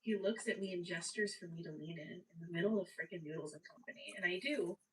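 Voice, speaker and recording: Young woman with a stuffy nose, animated casual storyteller, voice sitting away from the mic. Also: fairly low pitch, fast talker, far from the mic, poor audio. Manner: chatty, animated, swearing. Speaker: guest telling a story. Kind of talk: casual live-stream storytelling.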